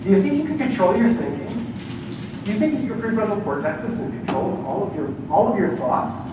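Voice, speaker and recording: Animated man giving a workshop talk. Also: high voice, fairly quick, noisy background. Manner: animated, acts out quoted voices. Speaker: culture change consultant. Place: conference room before a live audience.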